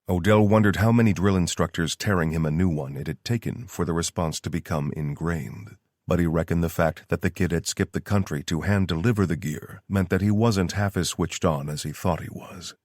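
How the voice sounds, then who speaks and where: A man reading an audiobook in steady, scripted narration. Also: low voice, brisk, few pauses, no echo, studio quality.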